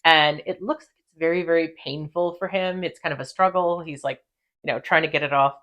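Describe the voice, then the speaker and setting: Female podcast host, low pitch, chatty and profane recap. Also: brisk, dull audio. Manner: animated, profane, laughs often. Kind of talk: casual recap chat.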